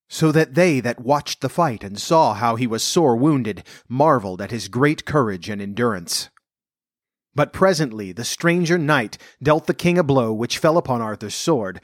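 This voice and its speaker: A man reading a medieval legend aloud as an audiobook narrator, in a measured storybook manner. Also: medium pitch, no room sound, clean studio sound. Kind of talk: scripted narration.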